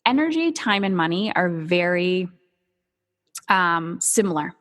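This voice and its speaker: A woman giving an energetic, emphatic motivational talk, candid and casual, with the odd swear word. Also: on the low side, a little slow, long reverb tail. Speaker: motivational speaker.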